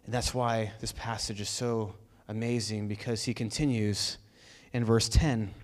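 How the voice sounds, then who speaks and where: A man preaching a sermon in a conversational, energetic way, asking the congregation rhetorical questions. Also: on the low side, unhurried. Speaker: pastor.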